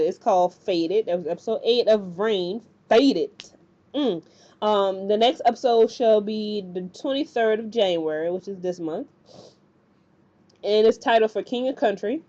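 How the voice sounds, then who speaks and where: Chatty female recapper, slangy and loose. Mellow, slightly high voice on a dull lo-fi recording. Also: moderate pace. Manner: rambling and colloquial, acting out characters' lines. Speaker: TV recap vlogger. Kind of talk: casual episode recap.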